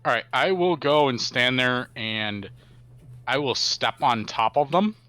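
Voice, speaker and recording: Playful guy at a tabletop game, bright voice, super dry close sound. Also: medium pitch, unhurried, no echo. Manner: playful, eager. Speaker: player.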